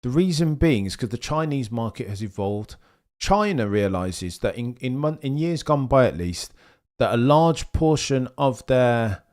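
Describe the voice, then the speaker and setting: A man's voice: medium pitch, darkish tone. Chatty man on a livestream. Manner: chatty, rambling, addresses viewers by name. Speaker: livestream host reading viewer chat. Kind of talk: casual livestream commentary.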